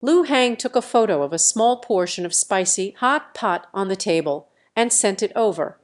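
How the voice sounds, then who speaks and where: A woman's voice: medium pitch, animated, moderate pace. A woman narrating a romance story in a scripted audiobook reading.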